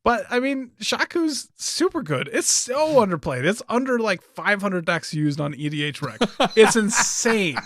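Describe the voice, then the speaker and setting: A man's voice: sits high, big pitch swings, a little slow, few pauses, fairly bright tone, dry recording, clean studio sound. A man co-hosting a casual card-game chat, playful and teasing. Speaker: podcast co-host.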